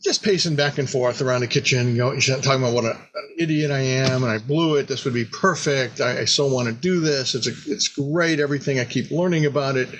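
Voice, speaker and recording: Animated man telling a rambling story. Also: fairly quick, hardly any pauses, noisy background. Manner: animated, acts out quoted dialogue with big pitch jumps; rambling with frequent restarts and repeated words. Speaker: company founder recounting history. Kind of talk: casual anecdotal storytelling.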